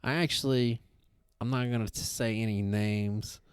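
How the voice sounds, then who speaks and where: A man rambles through a story in a casual podcast chat, swearing freely. His voice sits low and sounds smooth and clean. The sound is dry and close, with no room in it. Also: moderate pace, no room sound. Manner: rambling, profane, animated storyteller. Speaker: podcast co-host.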